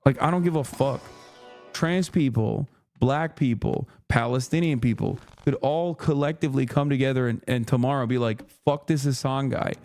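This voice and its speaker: A man on a stream, furious and profane, hammering his points at the chat in a mid-pitched voice. He swears constantly and slips into sarcastic mimicry to mock his critics. The delivery is a sustained angry rant. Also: moderate pace, a little mellow, faint music behind.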